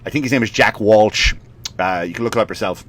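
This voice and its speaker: Profane Irish comedian, bright tone. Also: male voice, fairly low pitch, fast talker. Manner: profane, rambling, laughing at his own story. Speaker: stand-up comedian. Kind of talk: comedic rant.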